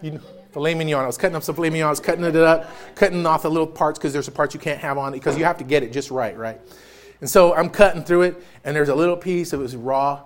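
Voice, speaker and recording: A man's voice: fairly high pitch, fairly even intonation, fast talker. A man preaching a sermon as pastor in a church, joking and storytelling with frequent laughter. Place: church sanctuary.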